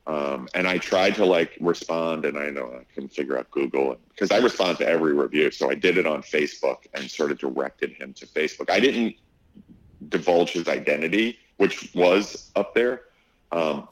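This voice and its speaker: A man's voice: very deep voice, normal speed, dry recording, low-quality recording. A middle-aged man who owns a restaurant, telling a story in a casual interview, acting out what people said, with lots of fillers. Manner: animated storyteller, acts out quotes, many fillers. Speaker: restaurant owner.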